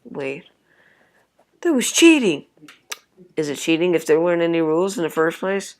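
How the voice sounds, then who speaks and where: A woman's voice: deep voice, fairly even intonation, fast talker, a little mellow. A woman playing a story game, reading its text aloud and adding casual reactions and swearing. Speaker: let's play gamer.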